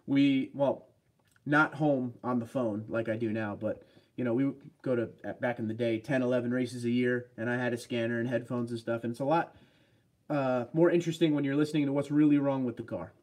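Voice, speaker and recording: A man in his thirties chats casually on a home livestream. He rambles and jumps from one viewer comment to the next, with a mid-pitched everyday voice. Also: fairly even intonation, fairly quick. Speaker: livestream host.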